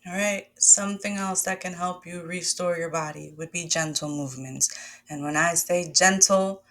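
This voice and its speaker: A woman's voice: fairly low pitch, moderate pace, a bit bright. A woman wellness coach leading a guided breathwork lesson, talking to listeners in an encouraging, conversational way and calling them "my loves" and "y'all".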